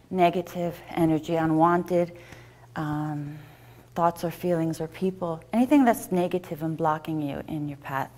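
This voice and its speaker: A woman teaching a yoga class, giving gentle, encouraging step-by-step instructions. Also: deep voice, moderate pace.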